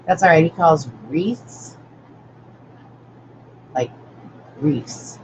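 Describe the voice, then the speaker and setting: A woman's voice: sits low, drawn-out words. An older woman hosting a live-stream craft tutorial, rambling chattily and greeting viewers by name as she works. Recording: dull lo-fi audio with steady noise.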